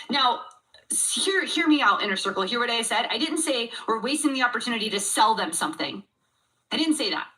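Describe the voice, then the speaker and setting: A high, bright woman's voice, coaching an online audience in an animated way and often slipping into the thoughts of a customer. She talks to her listeners directly. The voice sits a little back from the microphone. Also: distant mic, rough recording. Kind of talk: livestream teaching talk.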